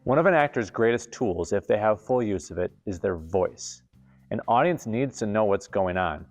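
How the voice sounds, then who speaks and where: A man hosting a theater camp lesson, explaining acting technique in clear, deliberate scripted narration. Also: on the low side, lively intonation, darkish tone, faint music behind.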